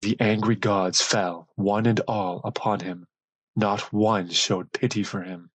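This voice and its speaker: A man narrating a myth audiobook in a measured, solemn storytelling manner. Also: on the low side, fairly even intonation, slightly rough, no echo, rough recording. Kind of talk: scripted narration.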